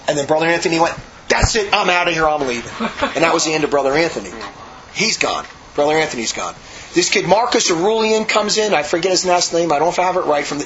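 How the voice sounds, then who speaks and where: A man's voice: fairly high pitch, lo-fi sound, noisy background. A man, a monk, telling a rambling story in a casual way, with frequent repeats and restarts. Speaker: monk recounting monastery life.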